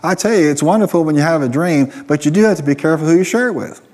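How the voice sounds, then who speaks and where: A man's voice: fairly high pitch, rapid-fire, a little mellow, in a large hall. A man preaching a sermon, emphatic, often calling on the congregation to answer. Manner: emphatic, calls for responses from the congregation.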